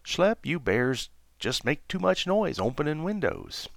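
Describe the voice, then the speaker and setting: A man voicing a sly male monkey with a soft New Orleans drawl. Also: a little high, big pitch swings, unhurried, creaky, no room sound, pitched above the performer's own voice, heavily acted. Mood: laid-back. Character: sly male monkey, cool and laid-back.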